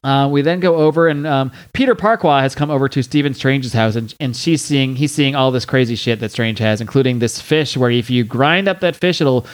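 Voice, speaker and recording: A man's voice: medium pitch, a little fast, few pauses. Man casually recapping a comic. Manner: recaps a comic with frequent fillers, reads dialogue aloud. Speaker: podcast host.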